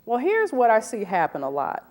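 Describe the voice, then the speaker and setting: A woman in her forties speaks as a recruiter addressing a live audience. Her voice sits fairly high and swings widely in pitch. She often stops to put questions to the room. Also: normal speed. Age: 40s. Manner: animated, asks the audience questions. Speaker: recruiter giving a talk. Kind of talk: lively presentation to an audience.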